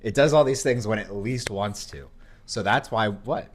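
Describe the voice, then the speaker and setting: A man's voice: fairly low pitch, normal speed, slight background noise. A man co-hosting a casual podcast chat, talking hesitantly with stammering restarts. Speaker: podcast co-host.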